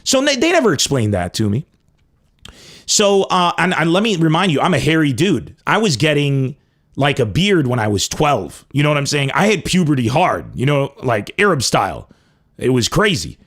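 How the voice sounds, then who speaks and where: A man from Lebanon telling a crude comic story with animated, profane emphasis. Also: a little high, moderate pace. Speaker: comedian host. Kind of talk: comedic storytelling.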